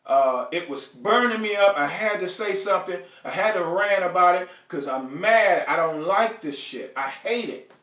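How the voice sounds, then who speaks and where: Speaking in a high, pushed and bright voice, a U.S. man delivers a ranting monologue on his live stream, blunt and profane, and addresses viewers by name. He's expressive at a moderate pace, recorded on a distant mic with reverb.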